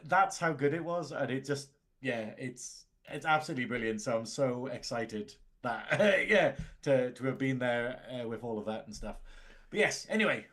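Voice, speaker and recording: A man's voice: medium pitch, lively intonation, moderate pace, a bit bright. A man co-hosting a podcast, chatting loosely, laughing often and going off on tangents. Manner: laughs often, rambling, self-deprecating. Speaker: podcast co-host. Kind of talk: casual chat.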